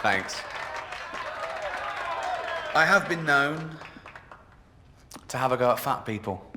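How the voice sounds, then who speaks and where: A man doing a stand-up routine, mocking and sardonic, jumping into squeaky voices for the people in his jokes. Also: lively intonation, slow, background noise. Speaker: stand-up comedian. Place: comedy club stage in a video game. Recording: game audio, club reverb with crowd laughter.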